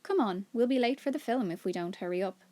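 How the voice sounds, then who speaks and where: Casting: a woman reading a relaxed, cheerful boy for a children's story. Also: mid-range voice, quick pace, no room sound, close to an everyday voice. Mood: easygoing.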